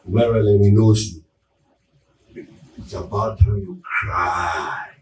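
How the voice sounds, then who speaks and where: A man preaching a sermon, often asking the congregation whether they are with him and building to loud, emphatic peaks. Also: on the low side, slow pace, a little hiss or hum. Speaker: pastor. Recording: echoey room, mic at a distance.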